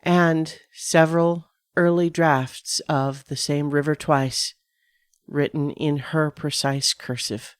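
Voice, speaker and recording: Slow, dry-voiced woman narrating horror. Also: low voice, fairly even intonation, no room sound. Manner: measured, dramatic first-person reading. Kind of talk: scripted horror story narration.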